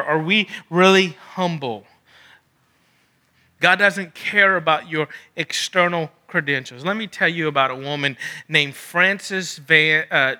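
A man preaching a sermon with a high, very bright voice. He drives his points home by repeating phrases. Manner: emphatic, repeats phrases for stress.

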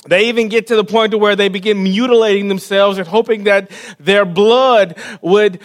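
A man preaching, reading scripture and then retelling the story in a casual, animated way, dropping to a hush for quiet moments and often repeating words. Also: sits high. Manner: casual, with slang and frequent word repeats.

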